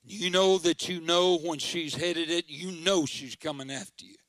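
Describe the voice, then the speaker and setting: An older man preaches a story-driven sermon in a folksy, dramatic manner that builds to forceful proclaiming. His voice sits a bit higher than most men's. The sound is dry and close, with little room echo. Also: fairly even intonation, unhurried. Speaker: pastor.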